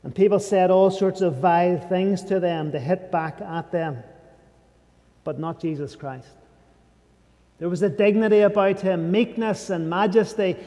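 A man preaching a sermon, emphatic and dropping to a hushed voice on key phrases. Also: high voice, steady tone, unhurried. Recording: long reverb of a large hall.

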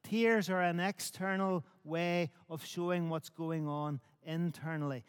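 A man's voice: fairly high pitch, fairly even intonation, clean tone. Emphatic male preacher in a reverberant hall. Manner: measured, repetitive emphatic phrasing. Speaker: pastor. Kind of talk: sermon.

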